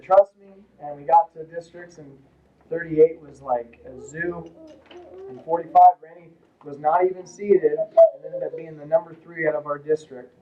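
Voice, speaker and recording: Male coach with a high voice, rambling and joking through a banquet speech in a lodge hall. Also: narrow, tinny audio. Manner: casual, rambling, joking with the audience. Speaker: wrestling coach.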